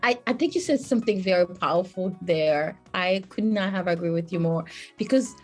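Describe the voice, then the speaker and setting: A woman hosting an interview, telling a story in an animated way and laughing a lot. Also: on the low side, normal speed, faint music behind. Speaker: interview host. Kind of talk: casual interview conversation.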